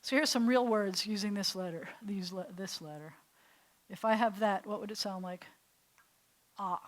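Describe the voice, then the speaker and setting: In a classroom with a few students seated around her, a woman rabbi teaches at a moderate pace in a mid-range voice. Her style is conversational and methodical, and she keeps questioning the group.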